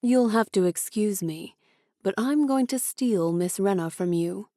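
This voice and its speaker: A woman's voice: medium pitch, lively intonation, measured pace, warm tone, dry recording, studio quality, natural voice. A woman doing a smug young officer. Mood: smug, teasing. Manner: smug and teasing. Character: charming, arrogant young male officer.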